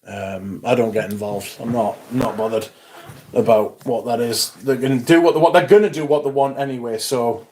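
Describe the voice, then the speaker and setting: Geordie guy around forty, livestream host, blunt, swears freely, dry sarcasm, mid-pitched voice. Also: moderate pace, darkish tone, a little hiss or hum. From Newcastle, England. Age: 40s. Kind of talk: casual livestream chat reading comments.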